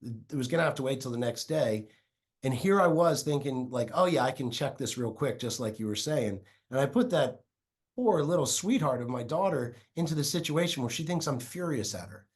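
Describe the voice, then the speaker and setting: A middle-aged man, a real estate investor, telling a story in a podcast interview with lively acted-out quotes, speaking from a small home office. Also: medium pitch, normal speed, slightly rough. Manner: animated storyteller, acts out quotes.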